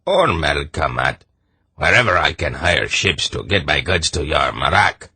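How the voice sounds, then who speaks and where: A man's voice: a bass voice, big pitch swings, measured pace, pushed and bright, breathy edge, no room sound, full character voice. A man doing a chatty, shrewd rangy merchant. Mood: easygoing. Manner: offhand, chatty, casual. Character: rangy, easygoing male merchant, shrewd and talkative.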